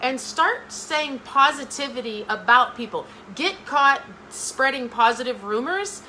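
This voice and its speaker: A woman's voice: high-pitched, animated, a little slow, sharp tone, slight background noise, poor audio. A middle-aged woman giving a motivational talk straight to her viewers, emphatic and repeating phrases for effect. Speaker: motivational speaker.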